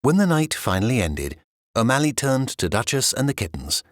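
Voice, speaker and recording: Expressive man reading a bedtime story. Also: medium pitch, moderate pace, no room sound, clean studio sound. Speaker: storybook reader. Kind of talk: children's storybook read-aloud.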